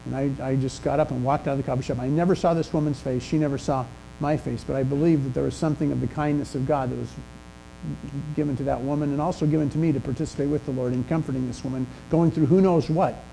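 An older man preaching a sermon in a church, telling stories in a conversational way with pauses and restarts. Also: medium pitch, steady tone, vocal fry, dark tone, a little hiss or hum, poor audio. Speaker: pastor. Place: church sanctuary.

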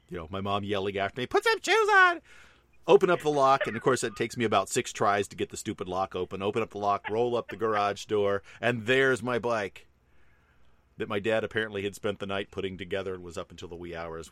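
A man's voice: lowish voice, a bit bright, no echo. A middle-aged man hosting a casual chat, telling a long personal story in a rambling way with many fillers.

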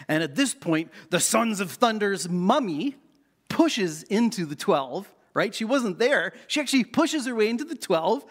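A man's voice: high-pitched, very animated, a little slow. A middle-aged man from Canada preaching a sermon as pastor, playful and self-mocking as he tells the story.

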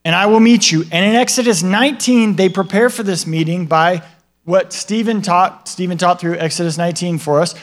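A high-pitched male pastor preaches at normal speed in a chatty way. He keeps asking the audience questions and tacking on "right?", and he acts out the words of God and other characters in a more lively voice.

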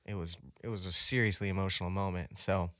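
Deep-voiced man telling an earnest story. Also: fairly even intonation, fast talker, fairly bright tone, no room sound. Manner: earnest and emotional, with frequent restarts. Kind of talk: casual conversational storytelling.

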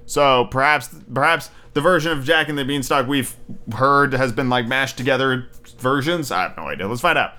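A man's voice: medium pitch, normal speed, sharp tone. A man hosting a casual podcast, reading fairy tales aloud with wry, chatty asides. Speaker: podcast host.

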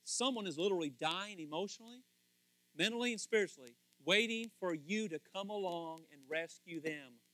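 A man preaching a lively sermon, swinging from hushed asides to loud excited bursts and laughing often. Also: high voice, fairly quick, no room sound. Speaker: pastor.

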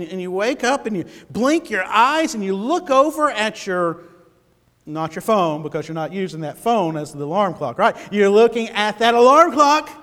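A man preaching a sermon and reading scripture, telling stories with lively, dramatic bursts and halting repeated words. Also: high voice, long reverb tail. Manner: animated, dramatic storytelling with sudden loud bursts; halting repetitions. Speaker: pastor.

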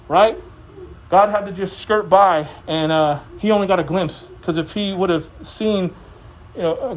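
A man with a notably high voice preaches a sermon. He talks to the congregation in a relaxed, conversational way and slips jokes in between the scripture. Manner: conversational and joking.

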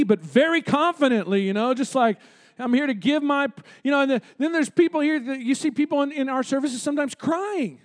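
A man preaching a sermon in a church, conversational and joking, with frequent asides to the congregation. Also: extremely high pitch. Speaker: pastor. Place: church sanctuary.

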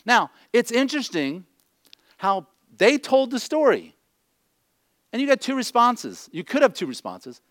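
A man's voice: extremely high pitch, sing-song, measured pace, fairly bright tone, no echo, clean studio sound. A middle-aged man preaching a conversational sermon, blunt and joking, often checking in with his listeners. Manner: blunt, joking asides, repeats "okay?". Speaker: pastor.

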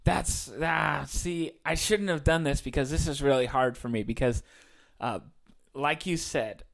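A man's voice: fairly high pitch, a little slow, vocal fry. A man co-hosting a podcast in casual chat, easygoing and thinking aloud as he talks. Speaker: podcast co-host.

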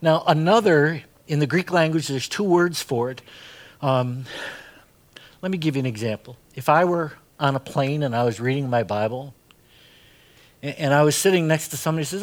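A man's voice: on the high side, expressive, normal speed. A middle-aged man preaching a sermon as pastor, chatty and full of asides and "right?" tags.

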